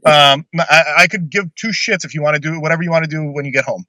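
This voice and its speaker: Guy telling a wild story on a pod, bright voice, swears a lot, dry close sound. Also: a little high, fast talker, no echo. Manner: blunt, swears freely, many restarts. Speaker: podcast guest telling a story. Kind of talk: casual storytelling.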